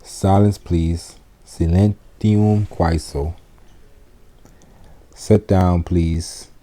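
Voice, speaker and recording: Man, deep low voice, very slow, dark mellow tone, deliberate phrase-by-phrase teaching. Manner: slow, deliberate, gives each phrase in English then Latin. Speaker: Latin teacher. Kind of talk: slow classroom phrase lesson.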